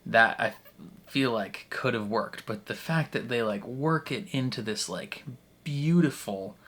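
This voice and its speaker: A man's voice: mid-range voice, a little slow, fairly bright tone. Twenty-something guy rambling through his episode reaction, lots of um and like, kinda choked up. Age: 20s. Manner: rambling and heartfelt, many fillers and restarts. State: emotional, tearing up. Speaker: reaction channel host. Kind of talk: casual reaction commentary.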